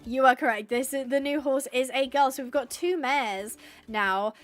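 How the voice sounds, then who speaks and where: A woman's voice: sits high, moderate pace, soft background music. A woman chatting casually on a live game stream, reading out viewers' suggestions and cooing at animals. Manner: chatty, reads out chat suggestions, coos at animals. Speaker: livestreamer playing a horse-rescue game.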